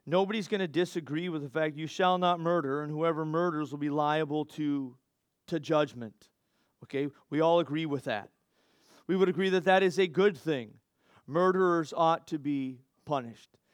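A man's voice: fairly high pitch, normal speed, smooth, dry recording, clean studio sound. A man preaching a sermon in a conversational way, with asides, restarts and rhetorical questions to the congregation. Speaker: pastor.

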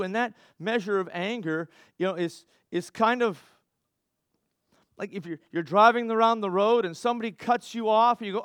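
A man's voice: high voice, moderate pace, fairly bright tone, clean tone, dry recording, clean studio sound. A man preaching a sermon in a conversational way, with asides, restarts and rhetorical questions to the congregation. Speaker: pastor.

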